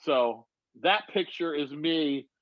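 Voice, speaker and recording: This man's voice is fairly high and his pace slow as he animatedly retells a rambling, profane story while chatting casually on a video call from his phone. The recording is dry and dull.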